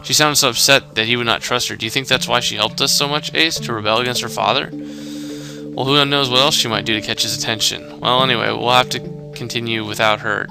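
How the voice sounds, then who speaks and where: A man's voice: medium pitch, fairly even intonation, a little fast, vocal fry, music in the background, close to an everyday voice. A man voicing a chatty detective sidekick in a mystery game, narrating clues.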